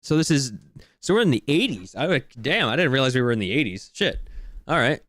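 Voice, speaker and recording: A man's voice: mid-range voice, very animated, fairly quick, a bit bright, no room sound. Male streamer, casual game commentary, offhand swearing, dry close sound.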